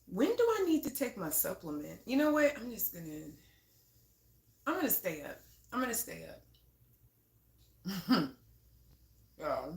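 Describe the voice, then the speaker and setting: A woman's voice: medium pitch, very animated, measured pace, pauses often, echoey room. A young woman chatting casually on a live stream, laughing often and swearing freely as she talks to viewers. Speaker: livestreamer. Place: at home.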